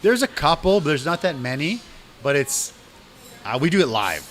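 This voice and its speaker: A man hosting a casual podcast in a restaurant, talking in a relaxed, enthusiastic way and often repeating words as he stammers. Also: a little high, normal speed, a little hiss or hum. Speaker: podcast host. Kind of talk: casual chat.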